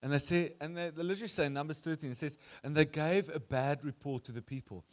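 Animated South African pastor, higher voice. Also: male voice, quick pace. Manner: conversational, animated storytelling with quoted voices. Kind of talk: sermon.

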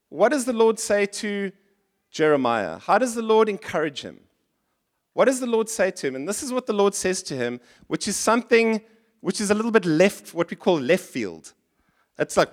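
Male pastor, high voice, lively preaching style, puts on complaining voices. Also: normal speed. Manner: animated, acts out complaining voices in higher pitch. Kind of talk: sermon. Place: church.

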